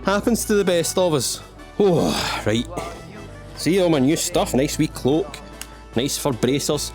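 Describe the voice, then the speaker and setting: A Scottish man with a fairly high voice that swoops up and down as he jokes his way through a game. He rambles in cheeky asides and pokes fun at himself. Light music plays faintly behind him. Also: animated, measured pace. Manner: rambling, self-mocking, jokey asides to the viewer. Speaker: gaming channel host. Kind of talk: playful let's-play commentary.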